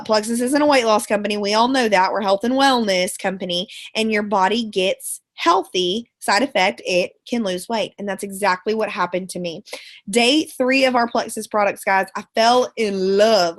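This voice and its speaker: A woman, a schoolteacher and sales ambassador, gives a live motivational pep talk in a chatty, folksy way and repeats words for emphasis. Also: medium pitch. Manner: chatty and folksy, calls listeners girlfriend and y'all. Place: live online call from home.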